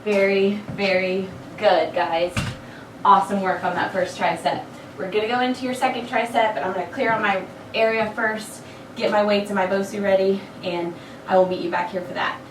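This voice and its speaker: A woman's voice: mid-range voice, steady tone, moderate pace, noisy background. A woman fitness instructor leading a workout, counting reps and chatting between sets, with a slight frog in her throat. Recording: echoey room, mic far off.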